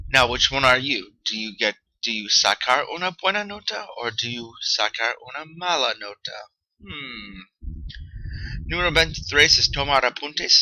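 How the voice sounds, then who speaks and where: A man's voice: medium pitch, pushed and bright, dry recording, low-quality recording. A male Spanish teacher giving a casual, joking vocabulary lesson, checking in often with "okay?". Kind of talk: recorded classroom vocabulary lesson.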